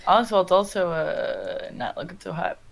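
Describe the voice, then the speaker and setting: Player, slow delivery, dry low-key comments, mid pitch. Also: gravelly. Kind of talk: casual tabletop play.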